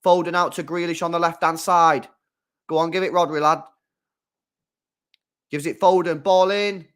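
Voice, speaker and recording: Excitable high-voiced man streaming football. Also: moderate pace, smooth. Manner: excitable fan, swings from loud shouts to low mutters. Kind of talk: live football watchalong commentary.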